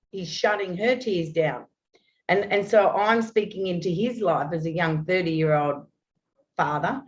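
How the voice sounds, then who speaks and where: Earnest woman in her fifties, lo-fi. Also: fairly low pitch. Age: 50s. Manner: earnest, rambling, with many restarts. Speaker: guest. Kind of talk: open, heartfelt conversation. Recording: dull lo-fi audio.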